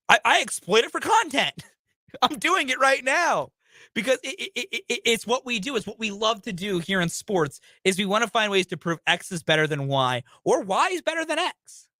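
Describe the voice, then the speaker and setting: A man's voice: very high voice, big pitch swings, normal speed, bright, forceful tone, no echo, clean studio sound. A young man hosting a sports talk radio show, ranting emphatically about college basketball.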